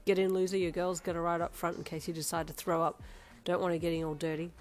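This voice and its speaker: A breezy young man full of amused quips and mock jeers, as a woman reads him, bright and a touch louder than the narration. He sounds like a joking friend in an audio story, with soft music faintly behind. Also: lowish voice, flat delivery, quick pace, close to an everyday voice. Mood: quipping. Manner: quipping, jeering, amused.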